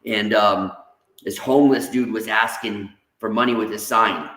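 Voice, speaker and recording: Guy talking casual, lively storyteller, bit of room echo. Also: lowish voice, normal speed. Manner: animated storyteller, acts out quoted voices, says "man" a lot. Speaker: guest, reentry specialist. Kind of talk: casual podcast chat. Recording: roomy echo.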